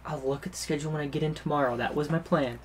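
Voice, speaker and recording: A man's voice: a little high, fairly even intonation, rapid-fire, slightly rough. A young man co-hosting a podcast, chatting casually and cracking dry, teasing quips. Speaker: podcast co-host. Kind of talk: casual chat.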